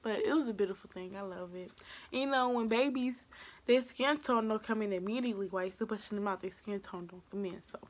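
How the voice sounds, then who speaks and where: Animated young woman telling a storytime. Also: medium pitch, fairly quick. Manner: animated storytelling with quoted asides; drops to hushed whispers at times. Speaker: vlogger. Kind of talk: casual storytime.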